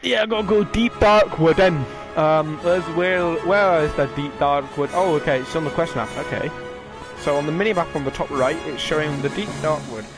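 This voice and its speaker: A man's voice: on the high side, normal speed, low-quality recording. A young man giving sweary, offhand let's-play commentary as a gaming streamer. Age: young adult. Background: game music.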